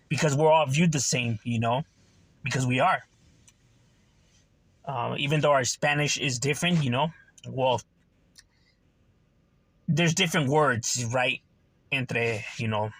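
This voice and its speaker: A man's voice: medium pitch, a bit bright, no echo. A man talking casually to his channel, full of slang and "you know" fillers. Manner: streetwise slang, frequent "you know" and "right". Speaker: channel host. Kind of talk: casual monologue to camera.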